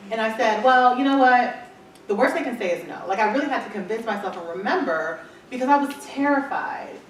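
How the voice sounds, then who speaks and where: Recorded at a distance in an echoey hall with faint noise, a Michigan entrepreneur shares her business story with an audience. Her voice is fairly high with lively intonation and a brisk pace, and she performs the quoted dialogue as she goes.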